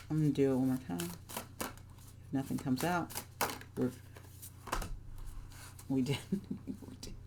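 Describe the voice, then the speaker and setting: A woman's voice: low voice, background noise. A woman reads oracle cards for her viewers in a loose, chatty way. She rambles, stops and restarts her sentences as she goes. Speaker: tarot reader. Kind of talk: casual spiritual card reading.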